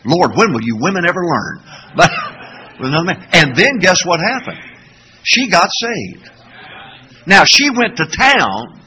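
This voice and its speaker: Older man, pastor preaching, swooping lively pitch, sharp bright tone, bursts of shouting. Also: moderate pace, low-quality recording. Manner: animated preaching with call-and-response questions. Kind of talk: sermon.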